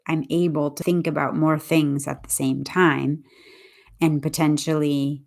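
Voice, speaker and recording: A woman with a low voice teaches on a livestream in a relaxed, chatty way. She thinks aloud as she talks, often stopping to restart a sentence and choose her words with care. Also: gravelly. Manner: thoughtful, deliberate, with frequent restarts. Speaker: English teacher. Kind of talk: casual livestream talk.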